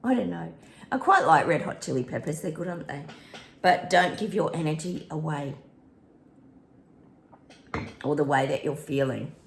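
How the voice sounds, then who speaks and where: A woman's voice: sits low, lively intonation, moderate pace, gravelly, long pauses, echoey room, a little hiss or hum. A woman hosting a psychic prediction channel, chatting casually to viewers, breaking into bits of song and laughing often.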